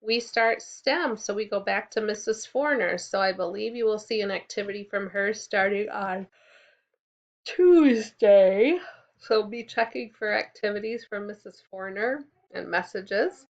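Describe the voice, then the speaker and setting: In a recorded kindergarten lesson, a woman teaches clearly and encouragingly, prompting the children to repeat after her. Her voice is medium-pitched at a measured pace, and the audio sounds dull.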